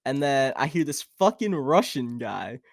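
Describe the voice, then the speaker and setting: A young man co-hosting a podcast, telling a rambling, animated story full of fillers in casual chat. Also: medium pitch, unhurried, creaky, no echo, clean studio sound. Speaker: podcast co-host.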